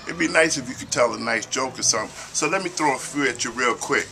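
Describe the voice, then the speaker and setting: A man's voice: mid-range voice, fast talker, gravelly, bright, forceful tone, faint music behind. A man telling dirty jokes in a casual, folksy drawl, acting out stutters and punchlines. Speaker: joke teller. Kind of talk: casual joke telling to camera.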